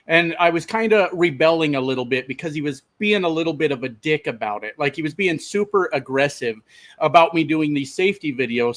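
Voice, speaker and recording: A trucker vlogging to his viewers with a voice pitched a bit higher than most men. He swears freely and tells his story casually and with energy, calling his audience "my friends.". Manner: profane, animated, addresses viewers as "my friends". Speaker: truck driver and channel host.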